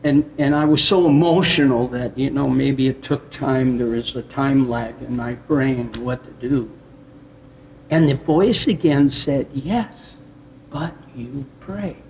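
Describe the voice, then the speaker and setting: Male pastor from the US Upper Midwest; reflective, unhurried testimony with soft chuckles. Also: mid-range voice, creaky, slight background noise. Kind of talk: personal testimony in conversation.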